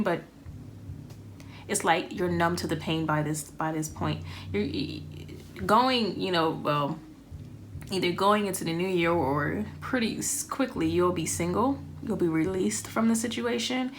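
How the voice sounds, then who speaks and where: Low-voiced woman reading tarot casually. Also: unhurried, a little hiss or hum. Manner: rambling, thinking aloud with many ums. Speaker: tarot reader.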